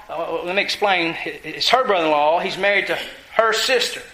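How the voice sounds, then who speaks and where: A man's voice: on the high side, moderate pace, bright, forceful tone, roomy sound, low-quality recording. A male preacher giving an earnest, emphatic sermon, putting direct questions to his congregation.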